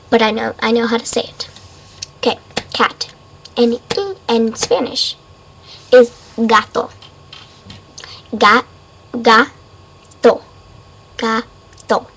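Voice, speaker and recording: Woman doing a webcam word lesson, kinda high voice, slow and rambly, faint hiss behind. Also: vocal fry, a bit bright, rough recording. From Mexico. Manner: unsure, rambling, repeats words slowly. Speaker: amateur language teacher. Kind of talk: casual webcam vocabulary lesson. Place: home room at a desk.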